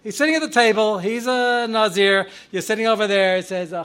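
A man teaching a Torah class as a rabbi, with a somewhat high voice. He speaks conversationally, sprinkles in Hebrew and Yiddish terms, and surges loud and animated whenever he acts out an example. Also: fairly quick, clean tone. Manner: animated, voice swelling loud when acting out examples.

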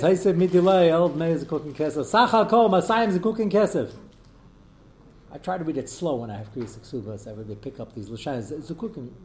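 A man teaching a relaxed Talmud class at a middle pitch. He reads passages aloud and then explains them in plain, chatty talk. He stops to take questions from his students as he goes. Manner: conversational, answers students' questions, drops Hebrew terms. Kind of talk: casual Talmud lesson.

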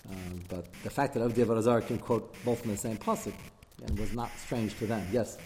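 A man giving a Torah class lecture, taking questions and acting out the quotes he reads with quick asides. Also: lowish voice, steady tone, a little mellow. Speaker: rabbi teaching a class. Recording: reverberant hall with faint background noise.

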